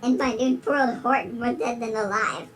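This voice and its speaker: With a natural mid-range voice at normal speed, a performer portrays a big-lipped alligator who reads a dramatic rhyming story and keeps giggling throughout. The low-quality audio has a little hiss or hum.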